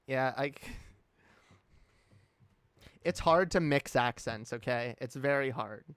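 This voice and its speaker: A man's voice: medium pitch, slow pace, a bit bright, clean tone, no room sound, studio quality. A man speaking with a put-on British accent in a casual live-stream chat, rambling candidly, reading chat and swearing often. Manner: reads and answers chat.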